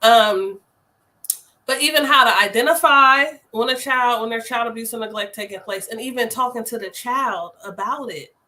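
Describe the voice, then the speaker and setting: A young adult woman hosting a casual live chat, telling stories in an animated, slangy way with lots of fillers. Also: fairly high pitch, normal speed, rough recording. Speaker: host, family home child care provider.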